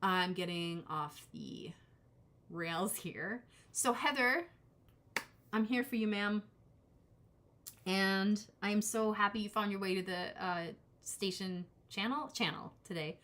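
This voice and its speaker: A woman's voice: mid-range voice, slow, a bit bright. A woman hosting a live tarot reading, chatting casually with viewers and drifting into self-deprecating asides. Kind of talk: casual live-stream chat.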